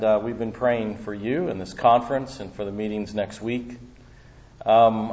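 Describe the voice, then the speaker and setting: A man's voice: medium pitch, a little mellow. Folksy man preaching, lo-fi recording. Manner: casual storytelling with many fillers. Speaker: guest preacher. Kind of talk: conference sermon. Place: conference hall. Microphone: handheld or stand microphone.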